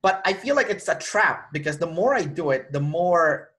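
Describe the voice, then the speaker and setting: At a moderate pace and fairly high pitch, a man being interviewed shares a personal anecdote casually. He acts out quoted dialogue with animation and restarts often.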